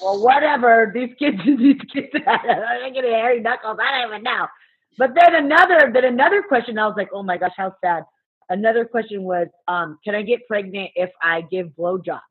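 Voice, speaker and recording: A woman who works as a substitute teacher, telling a story in casual chat, animated and swearing freely while acting out what people said. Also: fairly high pitch, moderate pace, husky. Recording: muffled phone-like sound.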